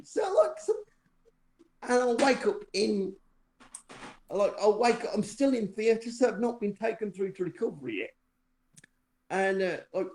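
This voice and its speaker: Sitting high in pitch, this man's voice carries a casual personal story told as a podcast co-host. Full of fillers and restarts, he wanders and mocks himself dryly, all in an echoey, roomy recording.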